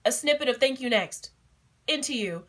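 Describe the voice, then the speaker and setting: A young adult woman vlogger telling a story in a casual, excitable and giggly way, with many fillers. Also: on the high side, normal speed. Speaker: beauty vlogger.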